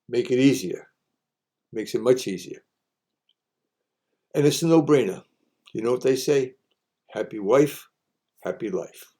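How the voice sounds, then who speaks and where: A man's voice: lowish voice, mellow. A man hosting a folksy monologue of homespun advice, repeating each saying for emphasis. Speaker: host sharing sayings.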